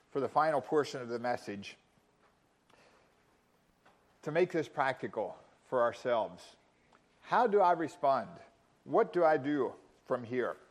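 A man preaching a sermon, emphatic, with dramatic pauses and rising intensity in quoted lines. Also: medium pitch. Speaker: pastor.

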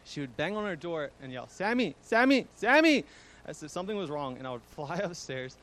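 A man's voice: fairly high pitch, lively intonation, fast talker, poor audio. A young man giving a fond eulogy for his grandmother, chuckling often and using fillers. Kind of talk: eulogy speech.

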